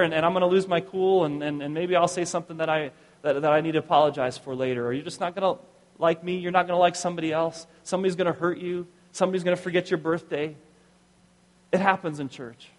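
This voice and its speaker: A middle-aged male pastor preaching a sermon, telling a personal story in a conversational way and often dropping to soft, low tones. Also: big-room sound.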